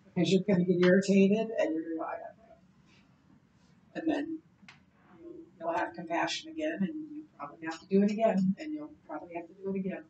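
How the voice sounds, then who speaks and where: A woman leading a Bible class, talking in a chatty, animated way with plenty of ums and restarts. Her voice sits at a middling pitch and rings in a roomy space, with a faint hiss underneath. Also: quick pace, far from the mic, lo-fi sound. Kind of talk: conversational Bible lecture. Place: church classroom.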